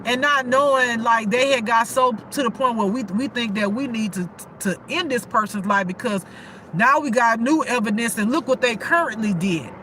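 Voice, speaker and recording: A woman's voice: a little high, normal speed, fairly bright tone, slight background noise. A woman giving a casual intuitive spiritual reading, emotional and repetitive, with frequent cursing.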